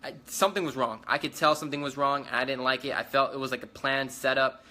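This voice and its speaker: A man's voice: mid-range voice, steady tone, fast talker, bright, forceful tone. A young man giving a rambling, repetitive eyewitness account in a casual livestream. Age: young adult. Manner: rambling, repetitive, urgent retelling. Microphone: phone livestream.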